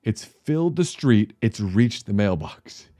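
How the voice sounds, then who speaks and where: Middle-aged male pastor, low-ish voice, casual animated vlog storyteller. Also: unhurried, dry recording, studio quality. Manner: animated storyteller, laughs mid-sentence.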